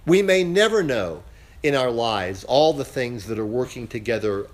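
A man leading a casual Bible study class, speaking haltingly with many filler sounds. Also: mid-range voice, expressive.

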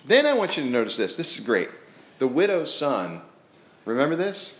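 Male preacher, lively sermon storyteller, recorded in a reverberant hall. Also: medium pitch, normal speed. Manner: lively, acts out the scripture scenes, often restarts his sentences. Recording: roomy echo.

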